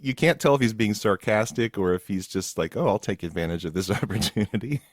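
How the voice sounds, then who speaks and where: Deep-voiced man in dry podcast chat. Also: lively intonation, fairly quick, no echo. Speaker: podcast co-host. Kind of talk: casual chat.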